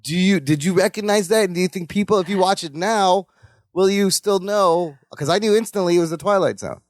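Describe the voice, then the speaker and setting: A man co-hosting a podcast, chatting casually and acting out lines from a sitcom with lively swings in his voice. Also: fairly quick, dry recording, clean studio sound. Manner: animated, acts out character lines with big pitch swings. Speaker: podcast co-host. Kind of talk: casual chat recapping a sitcom episode.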